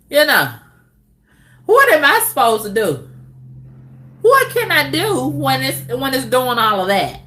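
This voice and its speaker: A middle-aged woman vlogging in a candid, casual monologue to her viewers, drawling with loud whoops and exclamations. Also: medium pitch.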